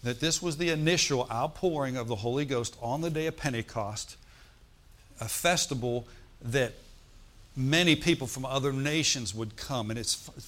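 A man's voice: mid-range voice, fairly bright tone. A middle-aged male preacher, telling a story and calling out to the congregation in a sermon. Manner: storytelling, asks the congregation for responses.

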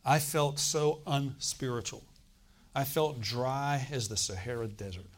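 A middle-aged man preaching a sermon, telling a personal story with loud bursts and acted-out laughter. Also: mid-range voice, a little slow.

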